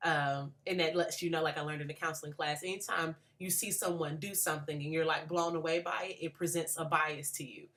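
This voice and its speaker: Low-voiced woman in her late twenties. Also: fairly even intonation, a little fast, few pauses, a bit bright. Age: late 20s. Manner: earnest, thoughtful, with frequent restarts and fillers. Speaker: graduate student. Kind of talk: spoken book reflection for a class.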